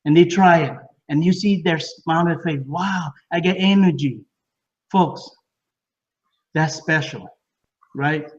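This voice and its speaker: Heard from afar and muffled, a man excitedly pitches products at a home business party in someone's living room. His pace is unhurried with frequent pauses, and he repeats words in broken English.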